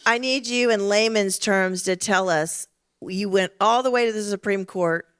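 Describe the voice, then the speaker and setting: A woman's voice: medium pitch, moderate pace, a bit bright, smooth. A woman moderating an on-stage conversation, asking questions and prompting the guests. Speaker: panel moderator. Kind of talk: on-stage interview.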